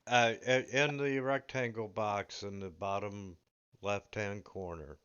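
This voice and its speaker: A man's voice: on the low side, fairly even intonation, measured pace, a bit bright, clear, resonant tone, dry recording, muffled recording. A man running an online tabletop game, helpfully explaining where to click.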